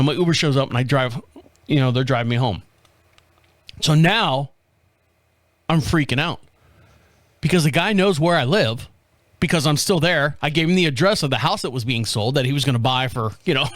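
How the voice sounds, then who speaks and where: A man's voice: fairly high pitch, a bit bright, no echo. A man hosting a podcast, telling a story casually, acting out the other people's voices, swearing freely and laughing often. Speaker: podcast host.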